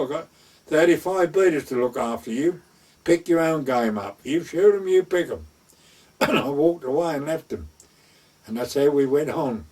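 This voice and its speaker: A man's voice: fairly high pitch, darkish tone, far from the mic. An older man with a rural North Essex and West Suffolk dialect, a gamekeeper telling his stories in a rambling way and acting out the talk in a raised voice. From North Essex/West Suffolk border, England. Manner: rambling, acts out dialogue in raised voice. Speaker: gamekeeper storyteller. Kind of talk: oral history storytelling.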